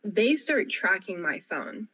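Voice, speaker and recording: Young woman telling a wild story fast. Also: medium pitch, breathy edge, rough recording. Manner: animated, rapid storytelling full of "like". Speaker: co-host. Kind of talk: casual storytelling chat. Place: radio studio.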